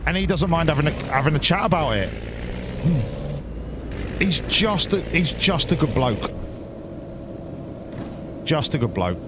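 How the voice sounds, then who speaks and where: A man streaming a driving game, talking in a loose, sweary ramble full of restarts. His voice sits a little high and swings about animatedly. Engine and road noise from the game run clearly underneath. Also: big pitch swings, measured pace, pauses often. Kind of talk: casual live-stream chat.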